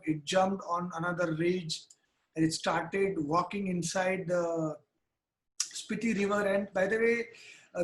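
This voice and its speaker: A man, a wildlife photographer telling the story of a field trip in a tutorial, earnest and halting, full of restarts. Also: high voice, roomy sound, low-quality recording.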